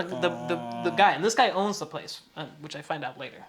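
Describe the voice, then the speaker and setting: A man with a highish voice talks fast with few pauses as a podcast co-host, casually spinning a story. He's an animated storyteller who acts out the people he quotes.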